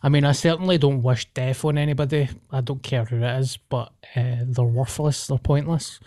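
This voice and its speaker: A man's voice: mid-range voice, steady tone, moderate pace, mellow. A man with a Scottish accent, co-hosting a podcast in casual chat, blunt and swearing freely. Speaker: podcast co-host.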